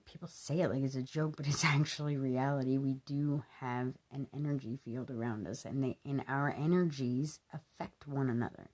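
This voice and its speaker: A woman's voice: very deep voice, fairly even intonation, normal speed, hardly any pauses, a little mellow. A woman in her thirties talking to camera in an earnest, rambling way, with lots of fillers. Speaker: vlogger. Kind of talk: casual monologue to camera.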